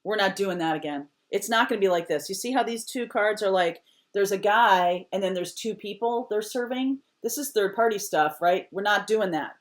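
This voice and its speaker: A woman's voice: mid-range voice, moderate pace, few pauses. A woman giving a casual tarot reading to camera, emphatic and repeating short firm phrases, sometimes dropping almost to a whisper. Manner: drops to a near whisper at times. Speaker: tarot reader.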